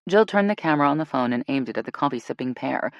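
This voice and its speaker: A woman reads an audiobook with expressive narration. Her voice is low yet lively in its intonation. The studio recording is close and dry. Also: quick pace, no room sound, muffled recording. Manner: expressive, switches between characters. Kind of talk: scripted narration.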